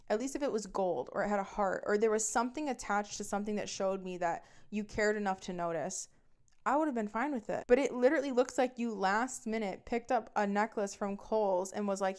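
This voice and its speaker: A young woman podcast host with a clean, medium-pitched voice tells a personal story casually. Her delivery is blunt, profane, and emphatic.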